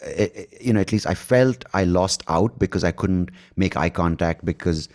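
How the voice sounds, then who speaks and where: A man with an Indian accent and a very low voice hosts a conversational interview. He speaks thoughtfully, pausing and correcting himself mid-sentence. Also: a little mellow. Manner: thoughtful, halting, self-correcting. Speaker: podcast host.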